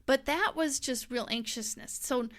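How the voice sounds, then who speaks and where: A middle-aged woman, a guest in casual conversation, telling a story in an animated way, laughing often and acting out what people said. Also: sits high, normal speed.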